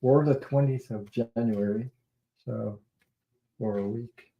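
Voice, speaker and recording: A man's voice: mid-range voice, slow pace, gravelly, muffled recording. A middle-aged man hosting a tarot livestream, chatting in a rambling way, laughing often and swearing casually. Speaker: tarot reader and livestream host.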